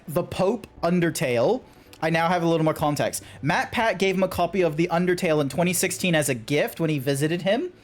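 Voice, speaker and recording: A man streaming a game, talking in a rambling, chatty way with lots of fillers. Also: fairly high pitch. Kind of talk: casual live-stream chat.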